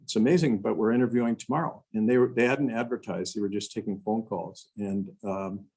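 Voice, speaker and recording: An older man with a low, husky voice tells stories as a guest speaker. He acts out the quotes and keeps adding "you know" between his restarts. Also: steady tone, fairly quick, darkish tone, rough recording. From Wisconsin. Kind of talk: storytelling talk to a club.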